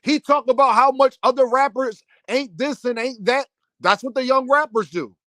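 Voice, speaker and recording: High-voiced man ranting in heated commentary. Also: moderate pace, fairly bright tone, no echo. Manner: heated, preachy, repetitive rhetorical questions. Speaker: commentary host. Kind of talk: impassioned commentary rant.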